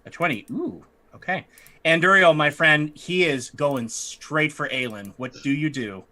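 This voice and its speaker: Bright, slightly high male game master, narrating a tabletop session. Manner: laughs often, quick asides.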